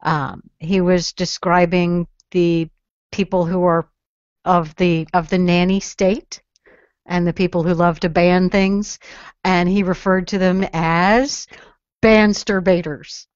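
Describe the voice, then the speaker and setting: A woman co-hosting a casual podcast, chatty and quick to giggle. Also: fairly low pitch, level tone, clean tone, no echo. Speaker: podcast co-host. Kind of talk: casual panel chat. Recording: dry, dull lo-fi audio.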